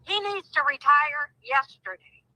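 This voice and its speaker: A woman's voice: high-pitched, lively intonation, a little slow, pushed and bright, dry recording, poor audio. A woman speaking as a guest in a phone interview, emphatic and heartfelt, often repeating herself. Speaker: guest, sister of a crime victim.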